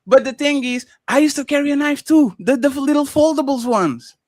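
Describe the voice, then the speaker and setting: A man in casual opinion talk on a streamed panel, animated and emphatic, often slipping into mocking impressions. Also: extremely high pitch, normal speed, no echo, clean studio sound. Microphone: streaming microphone.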